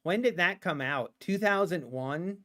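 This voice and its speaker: With a high, slightly bright voice and lively intonation, a day trader chats through his live stream at an unhurried pace. He addresses the market in a joking, sarcastic manner and frequently breaks into laughter.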